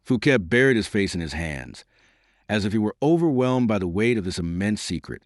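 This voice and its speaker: A man's voice: on the low side, sing-song, brisk, dry recording, studio quality. A man narrating a classic novel as an audiobook, reading dramatically and lifting his voice for quoted speech. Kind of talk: scripted narration.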